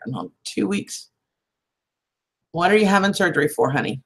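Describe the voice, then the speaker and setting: A woman's voice: lowish voice, big pitch swings, moderate pace. A woman, hosting a casual livestream and chatting affectionately with viewers, calling them sweetheart and hon. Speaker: livestream host.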